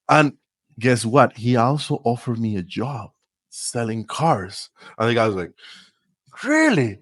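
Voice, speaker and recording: This storytelling interview features a podcast guest from Costa Rica, a man in his forties speaking English with a Costa Rican Spanish accent. He's unhurried, with a mid-range voice, lively and laughing as he frequently starts over. No room sound is audible.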